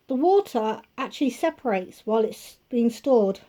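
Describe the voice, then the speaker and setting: A woman's voice: sits high, animated, normal speed, few pauses, mellow. A woman vlogging a grocery haul from her kitchen at home, talking casually and rambling into chatty asides.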